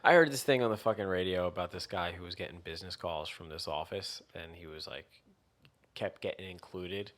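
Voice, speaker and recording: Chatting casually on a podcast, a co-host with a deep, slightly bright voice talks a little fast, rambling, swearing and laughing along the way.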